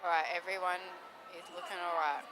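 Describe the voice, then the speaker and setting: A woman's voice: fairly low pitch, level tone, a little fast, background noise. A woman with an Australian accent doing easygoing live commentary on a roller derby game.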